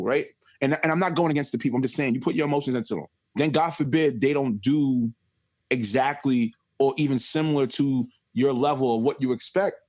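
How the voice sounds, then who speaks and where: A man's voice: fairly high pitch, darkish tone. A man in his thirties hosting a podcast, talking emphatically and swearing freely in casual conversation. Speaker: podcast host.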